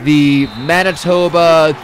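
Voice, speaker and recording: A man with a high-ish, steady voice offers joking, rambling live commentary on a video game football match, swearing casually and calling plays quickly. A little hiss or hum sits under the recording.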